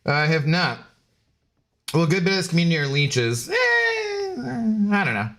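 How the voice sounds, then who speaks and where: Man, streamer, casual chat, rambling, bright clear tone, slightly high voice. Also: huge pitch swings, unhurried. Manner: rambling, talks sing-song baby talk to his dog. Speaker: streamer chatting with viewers.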